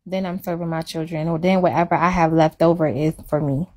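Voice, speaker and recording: A woman's voice: sits low, fairly even intonation, a little fast, darkish tone. Woman rambling in casual livestream talk. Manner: rambling, self-deprecating, repetitive.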